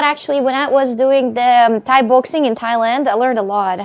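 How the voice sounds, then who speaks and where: A woman with a Russian accent streaming live from home in a casual, rambling chat, with a slightly high voice. She keeps stumbling and repeating words as she talks. Soft music plays faintly behind her. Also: unhurried, pauses often.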